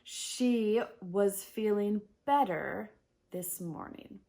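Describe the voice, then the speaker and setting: A woman's voice: medium pitch, drawn-out words, gravelly, dark tone. A woman teaching an English grammar lesson, spelling words out letter by letter and checking in with "okay?" and "right?".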